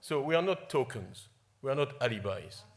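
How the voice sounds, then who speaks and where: Man, middle-aged, gravelly voice, mid-pitched, emotional and joking at an awards speech. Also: lively intonation, moderate pace. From Ivory Coast. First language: French. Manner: emotional, self-deprecating humor, frequent restarts and repeated words. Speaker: company chief executive giving an award speech. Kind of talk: informal speech at an awards ceremony.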